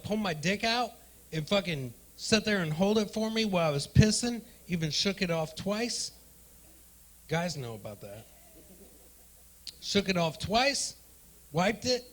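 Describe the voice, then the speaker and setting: A man works a club crowd as a stand-up comic, loud and profane. His voice sits high for a man and has a bright, sharp edge. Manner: loud, profane, riffing with the audience. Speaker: stand-up comedian hosting the night. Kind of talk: stand-up comedy with crowd work. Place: comedy club stage.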